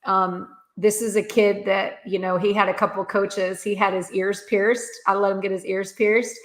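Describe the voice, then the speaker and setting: A woman in her early forties hosting a casual live-stream rant, earnest and candid, halting with many restarts and fillers, laughing often. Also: mid-range voice, flat delivery. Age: 40s. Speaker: livestream host. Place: home room with echo.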